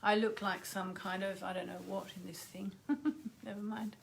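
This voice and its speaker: A woman's voice: medium pitch, little pitch movement, moderate pace, vocal fry, slight background noise. A middle-aged woman, an astrologer and radio host, chatting casually with viewers on a livestream and greeting them by name.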